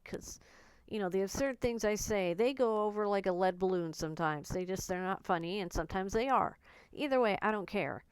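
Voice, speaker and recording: Woman, casual vlog monologue, smooth clear voice, dry close sound, blunt and emotional, swears. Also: medium pitch, a little fast, dry recording. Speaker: vlogger. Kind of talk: candid personal storytelling.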